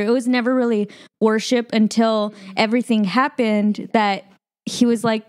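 A woman's voice: fairly high pitch, steady tone, moderate pace. A young woman, the guest's older sister, chatting on a podcast and leaning on lots of filler words. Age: young adult. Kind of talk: casual podcast chat.

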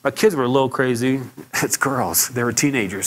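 A man preaching a sermon as pastor, telling stories in a conversational way, sometimes stumbling and repeating words, and leaping much higher in pitch when he acts out quotes. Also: normal speed.

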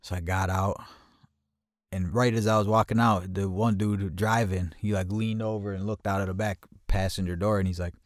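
A man with a very low, deep voice recounts a story in a loose, conversational way, swearing often and stumbling back over his words. The sound is close and dry, with no room around it. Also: fairly even intonation, moderate pace, dry recording. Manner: profane, with frequent restarts and repeated words; grows louder and higher at tense moments. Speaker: podcast host telling a personal story. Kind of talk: casual first-person storytelling.

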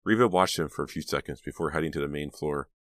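A man narrating an audiobook in a steady, measured storytelling manner on a close mic. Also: extremely low pitch, no echo. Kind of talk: scripted narration.

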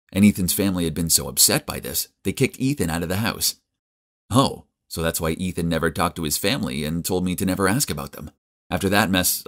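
Male narrator for an animated first-person drama, very low and conversational.

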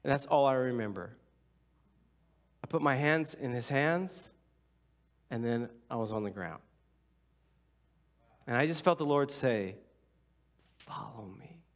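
A man's voice: medium pitch, animated, measured pace, pauses often. A man preaching as pastor, telling a personal story in a loose, conversational way and acting out the other voices with whispers and asides. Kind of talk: sermon storytelling. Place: church sanctuary.

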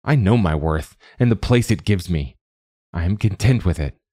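A man with a low voice reading the part of a squat, lumbering young monk who bullies with sneering, muttered scorn. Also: animated, normal speed, warm tone, dry recording, clean studio sound. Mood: scornful.

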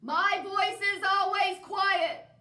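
A woman voicing a grumpy, pompous male bear who talks loudly and haughtily. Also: high voice, animated, unhurried, echoey room, voice pushed up. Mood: indignant. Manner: loud, blustering, haughty.

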